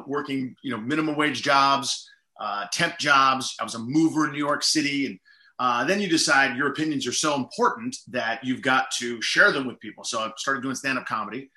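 At normal speed and medium pitch, a middle-aged comedian guest sounds pushed and bright in an echoey room. He rambles through casual interview stories, self-deprecating and full of "like" and "you know."

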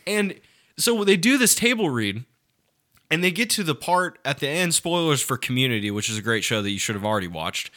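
A young man co-hosting a casual podcast, his voice very bright and sharp, sitting in the middle of the male range. He talks in a rambling, profane, animated way, piling up asides as he tells a story. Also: medium pitch, a little fast. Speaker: podcast co-host.

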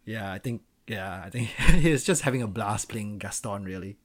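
A man's voice: lowish voice, animated, normal speed. Male podcast co-host, teasing, easygoing, laughs a lot. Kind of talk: casual chat.

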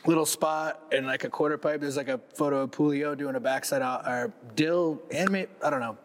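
A man's voice: on the high side, fairly even intonation, brisk. Laid-back rambling man in his forties. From Massachusetts, USA. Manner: rambling, laid-back, heavy use of "like" and swearing. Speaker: guest, pro skateboarder. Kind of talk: casual podcast storytelling.

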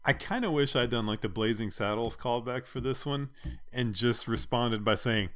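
A man's voice: mid-range voice, normal speed, fairly bright tone. A man co-hosting a casual podcast, playful and fond of mock-grand announcements. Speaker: podcast co-host. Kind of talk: casual chat.

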